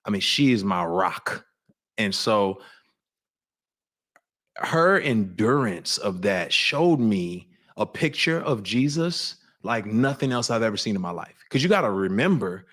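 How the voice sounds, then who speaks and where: A man's voice: on the low side, sing-song, a little slow, a bit bright. A man speaking as an interview guest, telling a personal story in an earnest, reflective way, often restarting his sentences. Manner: confessional.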